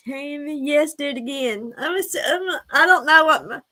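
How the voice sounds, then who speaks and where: A woman, hosting a casual live stream, hoarse and breathless from laughing, chatty and a bit scattered. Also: sits high, animated, normal speed, sharp tone. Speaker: livestream host. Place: room at home.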